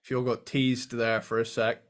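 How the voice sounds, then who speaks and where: Laughing podcast co-host with mixed accent. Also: male voice, medium pitch, level tone, moderate pace, fairly bright tone. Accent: mixed British and American. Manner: laughs often, tells stories. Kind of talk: casual chat.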